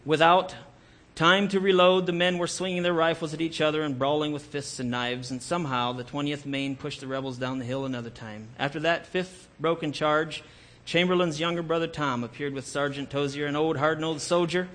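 Male storyteller, earnest, dramatic narration, slightly high pitch. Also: steady tone, a little fast, a bit bright. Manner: earnest, with occasional self-corrections.

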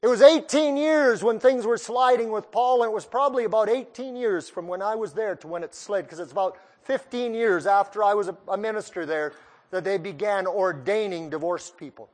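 A male preacher with a high-sitting voice speaks briskly through a sermon. He emphatically puts pointed questions directly to his listeners.

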